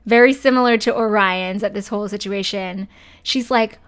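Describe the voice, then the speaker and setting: A woman's voice: medium pitch, fairly even intonation, smooth. Chatty young woman narrating a game. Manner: chatty, voices her sims in quick asides. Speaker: let's play host. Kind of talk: casual gameplay commentary.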